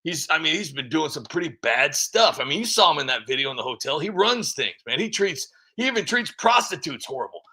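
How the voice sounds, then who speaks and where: Male vlogger, bright and slightly high, rambling mocking commentary. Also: big pitch swings, fairly quick, hardly any pauses. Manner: rambling, mocking, many fillers. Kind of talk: political commentary vlog.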